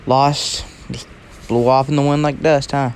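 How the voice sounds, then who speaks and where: A man's voice: medium pitch, level tone, a little slow, slight background noise, close to an everyday voice. A man voicing a cocky, taunting teen boy who deals in souls, in a casual, rambling way.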